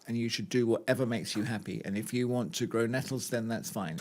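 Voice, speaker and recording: A man's voice: mid-range voice, darkish tone. A man co-hosting a gardening podcast, chatting casually with jokes and stumbling restarts. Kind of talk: casual chat.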